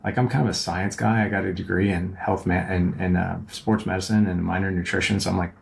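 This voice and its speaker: A man hosts an advice podcast, his voice sitting low with a steady gravelly fry running through it. He talks casually and earnestly, circling back over his words and repeating himself. He often checks in with a quick "right?". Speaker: podcast host and relationship coach.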